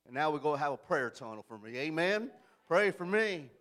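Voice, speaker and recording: A man's voice: on the high side, very animated, normal speed, a bit bright. A man in his forties from central California, a youth and discipleship director introducing himself to a church in a folksy, joking way and asking for amens.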